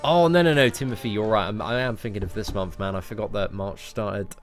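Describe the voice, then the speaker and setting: A man's voice: on the low side, fairly quick. A young English man chatting casually on a game live stream, answering viewers, self-mocking and full of "like" and "mate". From England. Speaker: gaming streamer. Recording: faint music behind.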